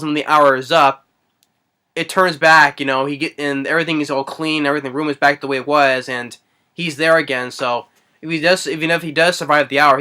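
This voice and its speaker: A man's voice: on the high side, bright, forceful tone. A man retelling a movie's plot in a casual, rambling way, full of hesitations and fillers. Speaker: movie reviewer. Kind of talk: casual spoken movie recap.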